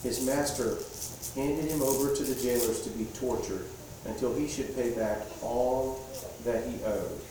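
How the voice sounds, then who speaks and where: A man preaching a relaxed, conversational sermon to a congregation and putting questions to them. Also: mid-range voice, unhurried, hardly any pauses, noisy background. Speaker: pastor. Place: church hall with a congregation. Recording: echoey hall, distant mic.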